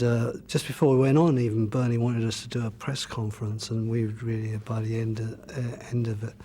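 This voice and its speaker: A man's voice: mid-range voice, warm tone, slight background noise. A musician answering interview questions and looking back on his band's early days in a loose, rambling way, with frequent "you know" and restarts. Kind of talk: casual reminiscing interview answer.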